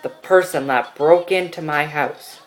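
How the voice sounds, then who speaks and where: A man's voice: a little high, a little slow, poor audio. A teenage boy telling a personal story in a casual vlog, rambling with many fillers. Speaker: vlogger.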